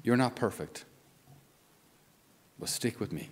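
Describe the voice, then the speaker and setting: A man's voice: lowish voice, expressive, normal speed. A man with an Irish accent, a Catholic priest giving a conversational homily with wry asides. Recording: long reverb of a large hall.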